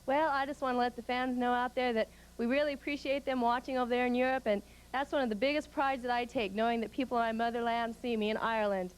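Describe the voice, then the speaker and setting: A woman wrestler talks quickly in a friendly, upbeat way. Her voice is clear and smooth, and pitched a little high. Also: steady tone, poor audio. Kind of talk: televised interview.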